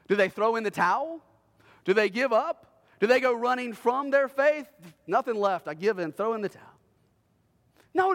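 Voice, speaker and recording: A man preaching a sermon as a pastor, telling a story dramatically and swinging between loud bursts and hushed lines. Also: high voice, long reverb tail. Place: church sanctuary.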